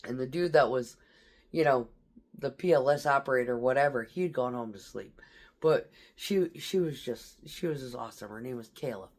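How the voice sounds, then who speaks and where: Her pitch is extremely low and her tone darkish, and she speaks at a moderate pace. The woman, a military veteran, shares stories from her deployments bluntly and profanely, laughing through the tense recollections.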